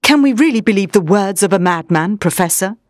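A woman's voice: mid-range voice, lively intonation, brisk, no room sound, studio quality, natural voice. Woman reading a cautious, doubtful male doctor.

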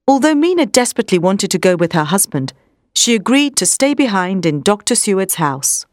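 Woman narrator, storybook read-aloud, lively, expressive pitch, dry close sound. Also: brisk, dry recording. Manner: clear, expressive reading.

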